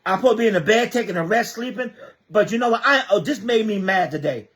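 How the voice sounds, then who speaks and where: A man's voice: high-pitched, lively intonation, fast, a bit bright. A man giving an impassioned livestream monologue, firing rhetorical questions, repeating himself and stammering as he reads viewer comments. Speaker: livestreamer speaking on community youth programs.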